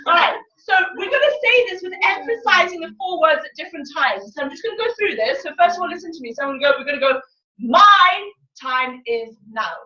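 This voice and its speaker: Woman, high voice, animated, team leader pep talk, echoey hall, distant dull mic. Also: rapid-fire, few pauses. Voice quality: lively, laughing, leads chants. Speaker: team leader at a sales training day. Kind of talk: motivational talk to a room. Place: training room with audience.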